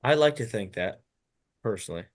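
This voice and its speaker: A man's voice: fairly low pitch, animated, fairly quick. Laid-back man with short dry replies. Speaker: co-host. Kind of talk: casual comedy podcast chat.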